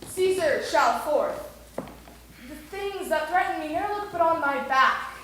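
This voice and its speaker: A woman's voice: high-pitched, expressive, a bit bright, slight background noise. Caesar, a woman playing a proud commanding ruler. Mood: defiant. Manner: slow, declamatory verse delivery. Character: proud defiant Roman ruler Caesar, male. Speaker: camp actor. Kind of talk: amateur stage Shakespeare. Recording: echoey room.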